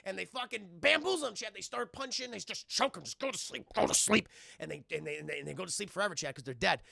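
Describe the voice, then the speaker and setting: A man streaming live, recapping a movie scene by scene, animated and profane, acting out the scenes. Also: high voice, fast talker, creaky, dry recording, studio quality.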